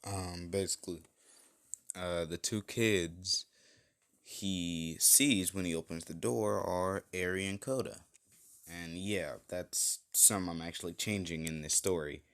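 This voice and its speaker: A man's voice: sits low, slow pace, a bit bright. A man casually retelling an improvised fan story, rambling with many fillers and self-corrections.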